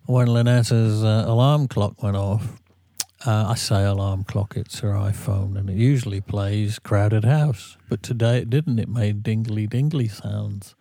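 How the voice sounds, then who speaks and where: Weary singer, gravelly and close-miked, rambling and self-mocking. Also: male voice, fairly low pitch, fairly even intonation, unhurried, dark tone, no room sound. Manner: rambling, self-deprecating storyteller. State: tired from a sleepless night. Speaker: singer, regular guest. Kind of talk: casual podcast chat.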